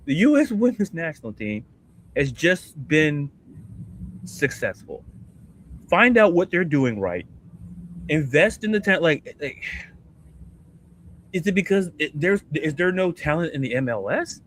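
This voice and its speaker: A man co-hosting a sports podcast, ranting in a casual, animated way and firing off rhetorical questions. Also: fairly high pitch, a little slow, pauses often, slight background noise. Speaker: podcast co-host.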